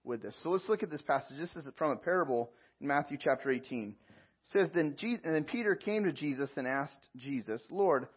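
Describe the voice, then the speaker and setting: A man's voice: a little high, expressive, fairly quick, breathy edge, dull audio. A man preaching as a pastor, reading scripture aloud and explaining it verse by verse. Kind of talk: sermon.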